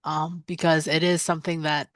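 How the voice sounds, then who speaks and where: A woman's voice: low voice, level tone, normal speed, no room sound, studio quality. A woman who has joined the Q and A speaks earnestly and appreciatively over a video call. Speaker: participant in the Q and A.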